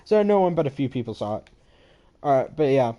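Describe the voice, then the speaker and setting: A man's voice: medium pitch, very animated, brisk, mellow. A young man casually walking through his own game maps, rambling, with a yawny, sleepy manner, on a headset microphone. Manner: rambling, sleepy, yawning and apologizing. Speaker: gaming channel host. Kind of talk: casual game map walkthrough. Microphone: head-mounted microphone.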